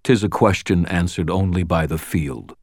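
A man voicing a huge growling fae gruff. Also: low-pitched, moderate pace, no echo, clean studio sound. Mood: menacing formal. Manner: formal archaic speech, growling. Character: huge gruff fae giant, archaic, rumbling.

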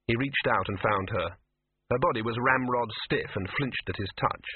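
A male narrator reads a story in a measured, steady way, his mid-pitched voice husky and a little rough. The sound is tinny and phone-like, with a dry, close feel. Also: no room sound. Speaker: audiobook narrator. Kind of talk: scripted narration.

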